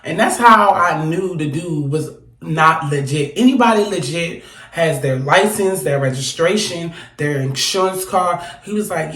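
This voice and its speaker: A young woman telling a storytime straight to camera, animated and blunt, swearing freely. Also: lowish voice, moderate pace. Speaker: vlogger. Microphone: phone or camera held close. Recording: echoey room.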